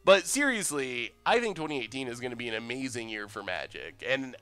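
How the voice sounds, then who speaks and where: A young man casually commenting on his card game stream, chatty and excitable, reading out chat messages. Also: medium pitch, fairly quick, clear, resonant tone, no room sound.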